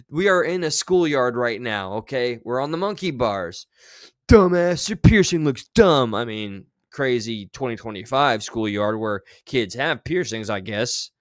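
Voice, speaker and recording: A man's voice: mid-range voice, animated, a little slow, a bit bright, no room sound. A man streaming, giving casual, sarcastic and rambling commentary on clips.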